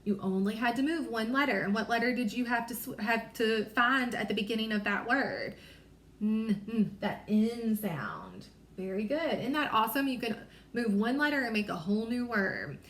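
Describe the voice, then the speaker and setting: Encouraging woman teaching phonics, slightly high. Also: lively intonation, fairly bright tone, roomy sound. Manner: slow, careful sounding-out of letters and words; apologetic, encouraging. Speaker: reading teacher. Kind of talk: small-group phonics lesson.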